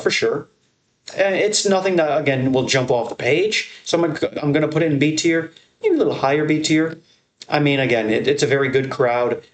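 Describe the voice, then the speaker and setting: A young man giving casual, profane, rambling commentary on his channel, ranking fight crowds with excitement. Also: medium pitch. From American Northeast. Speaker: MMA content creator. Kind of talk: casual tier-list commentary.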